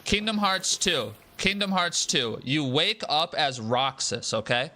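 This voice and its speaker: A young man streaming a game, talking in a casual, profane, animated rant and repeating himself for emphasis. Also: fairly high pitch, unhurried. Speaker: gaming streamer. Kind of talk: casual live-stream rant while gaming.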